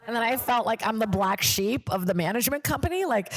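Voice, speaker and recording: This comedy podcast host speaks at a fairly high pitch with lively intonation, a moderate pace, and frequent pauses. She rambles casually, leaning on "like" and cursing without hesitation.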